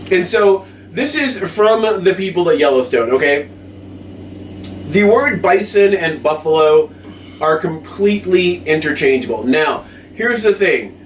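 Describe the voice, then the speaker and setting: A man's voice: sits high, animated, measured pace. A man co-hosting a podcast in casual chat, rambling with lots of fillers and tag questions. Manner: rambling, full of fillers and "right?". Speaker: podcast co-host. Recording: echoey room, mic at a distance, faint noise.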